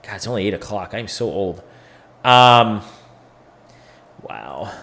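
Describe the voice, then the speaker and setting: A man's voice: fairly low pitch, expressive, takes it slowly, fairly bright tone. A man hosting a crypto education video, talking through charts in a loose, profane, thinking-aloud way. He sounds tired. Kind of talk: casual chart analysis video.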